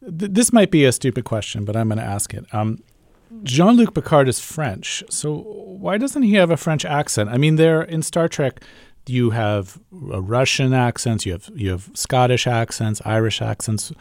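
Male radio interviewer, casual halting questions, gravelly voice, dry studio mic. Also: mid-range voice, animated, darkish tone, dry recording.

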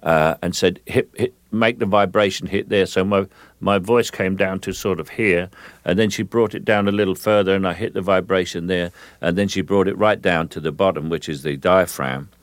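An older man with a London Cockney-rooted accent, talking through a radio interview in an unhurried, halting way with many fillers. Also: low-pitched, steady tone, no room sound. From England. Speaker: guest, film actor.

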